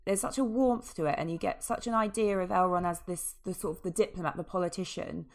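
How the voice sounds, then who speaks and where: A deep-voiced woman co-hosts a casual podcast chat. She rambles with enthusiasm, drops half-finished sentences and circles back to her point. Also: fast talker. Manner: chatty, enthusiastic, trailing off mid-sentence. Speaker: podcast co-host.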